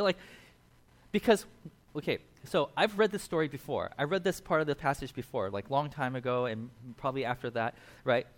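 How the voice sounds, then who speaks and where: Male pastor, slightly higher voice, casual animated sermon style. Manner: animated storytelling, acts out quotes.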